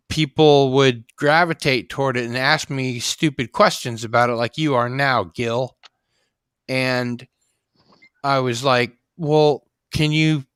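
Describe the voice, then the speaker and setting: A man hosting a casual late-night chat show, speaking slowly with many fillers. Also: mid-range voice, fairly bright tone, clean tone, no room sound, clean studio sound. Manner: slow and halting, many fillers like uh and you know. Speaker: host.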